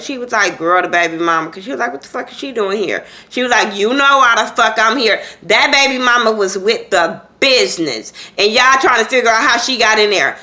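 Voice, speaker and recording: A woman talks through a reality show episode in loose, unscripted chat. Her voice is bright and forceful, and her delivery is blunt, profane and full of gossipy asides. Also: medium pitch. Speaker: reality TV recap vlogger. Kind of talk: casual unscripted episode review.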